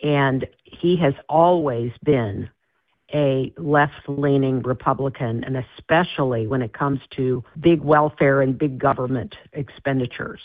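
A man giving measured, critical political commentary in a news clip. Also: mid-range voice, no echo. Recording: tinny phone line.

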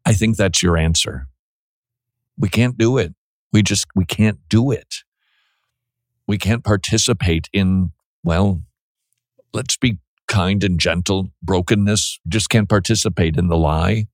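A man's voice: on the low side, normal speed, dry recording, studio quality. A man giving blunt religious commentary on a talk show, talking in restarts and mocking asides.

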